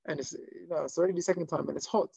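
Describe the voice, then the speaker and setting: Animated gravelly rabbi telling stories. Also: male voice, on the high side, racing, no room sound. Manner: animated, conversational storyteller with many fillers. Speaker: rabbi teaching a class. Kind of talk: storytelling Torah lesson to a live group. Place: room with a small live audience.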